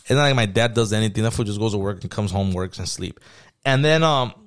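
A man's voice: on the low side, fast, clean tone. A man co-hosting a podcast, telling stories in casual, profane slang and dropping Spanish phrases. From Mexican-American family. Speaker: podcast co-host.

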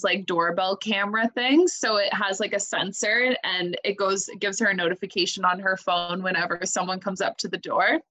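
Bright-voiced young woman telling a story. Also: mid-range voice, poor audio. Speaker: podcast co-host. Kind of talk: casual storytelling.

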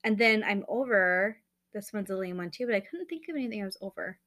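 A woman's voice: medium pitch, expressive, quick pace, fairly bright tone. A woman in her thirties co-hosting a casual chat podcast, rambling and chatty with lots of fillers. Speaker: podcast co-host.

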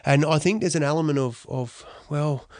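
A middle-aged Australian man, a former athlete, telling his story in a lively, slangy, self-deprecating way. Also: fairly high pitch, normal speed, dry recording. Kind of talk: storytelling talk.

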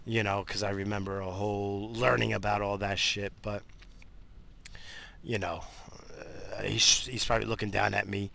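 This middle-aged radio host talks at a moderate pace in a lowish, steady, gravelly voice that sounds pushed and bright. Behind the wheel, he grumbles and curses through a loose, casual monologue, quick to get aggravated.

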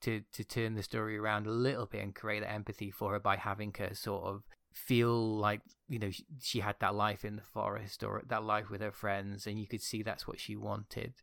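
A man co-hosting a podcast, thoughtfully talking through his views at length. His voice is gravelly with fry, and it sounds dry and close. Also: lowish voice, flat delivery, normal speed, hardly any pauses, a bit bright, dry recording. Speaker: podcast co-host. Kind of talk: casual chat.

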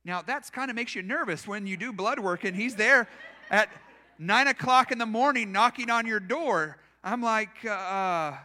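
A man's voice: very high voice, moderate pace, sharp tone. A male pastor preaching a sermon in a church, telling personal stories in a conversational, self-deprecating way. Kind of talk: storytelling sermon.

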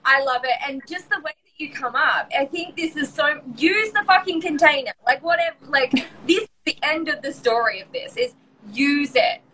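A woman hosting a podcast, gushing and excited, shrieking back the guest's lines. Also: sits high, normal speed, slight background noise, rough recording. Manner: gushing, laughing through tears, shrieks quotes. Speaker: podcast host.

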